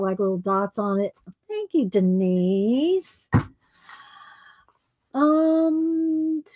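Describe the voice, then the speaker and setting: A woman's voice: high voice, no echo. A woman chatting casually on a livestream, short of breath and exclaiming as she reads viewer comments. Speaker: livestream host.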